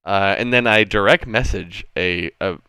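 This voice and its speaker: A man's voice: sits low, measured pace, clean tone, no room sound. A man as game master, enthusiastically explaining a tabletop game setup. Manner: animated, enthusiastic, expressive.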